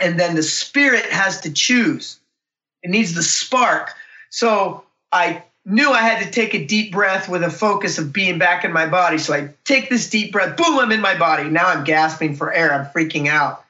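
A man telling a personal story in an animated, intense way. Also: high-pitched. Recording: roomy, distant, dull recording.

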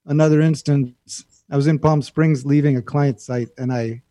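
A male guest telling stories in a casual chat, lively and acting out the voice in his head. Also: fairly high pitch, normal speed, dry recording, clean studio sound. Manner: animated storyteller, acts out an inner voice. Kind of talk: casual storytelling.

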